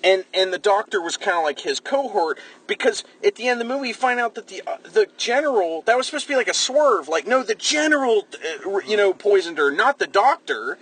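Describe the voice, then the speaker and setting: A man's voice: sits high, very animated, fairly quick, few pauses, fairly bright tone, husky, rough recording. A man co-hosting a podcast, ranting angrily and swearing as he reviews a movie. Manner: ranting, angry, profane. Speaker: podcast co-host. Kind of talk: casual movie review chat.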